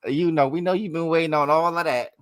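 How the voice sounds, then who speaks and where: A man's voice: on the high side, fairly even intonation, fast talker, smooth. A man co-hosting a live podcast in loose, profane banter, laughing often. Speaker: podcast co-host. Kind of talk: casual live podcast chat.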